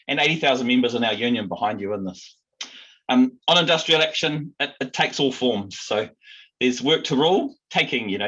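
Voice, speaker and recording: NZ man, union president, earnest rallying speech, bright husky tone, lo-fi audio. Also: medium pitch. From New Zealand. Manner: earnest, rallying, many ums. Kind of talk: recorded speech to union members.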